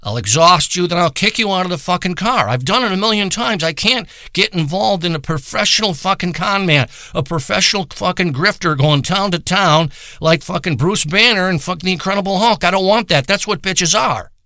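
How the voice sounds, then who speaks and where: A man's voice: high-pitched, expressive, fairly quick, few pauses, sharp tone, no room sound, clean studio sound. A man delivering a crude, profane comedic monologue in a boastful rant. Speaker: comedic performer.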